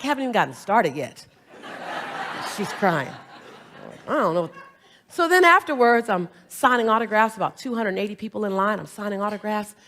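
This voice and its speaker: Middle-aged woman giving a pep talk on stage, kinda high voice, storytelling, keeps asking the crowd "yes?". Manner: animated storytelling with call-and-response prompts. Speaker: motivational speaker. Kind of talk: motivational stage speech. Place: stage before a large audience.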